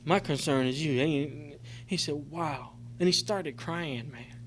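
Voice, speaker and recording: This middle-aged man's voice runs on the high side and a bit bright, and he takes his time, with slight background noise behind him. Speaking at a recovery convention in a meeting room, he delivers an emotional testimony full of profanity, rambling and padding with "man" and "you know."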